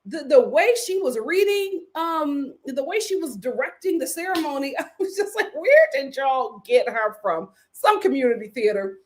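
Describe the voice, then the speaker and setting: A woman vlogger recapping a reality show in a casual, animated, slangy way, with ums and sudden bursts of laughter. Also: high voice. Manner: animated, chatty, swings between sighs and bursts of laughter; drawn-out slangy storytelling with filler ums. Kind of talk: casual commentary vlog.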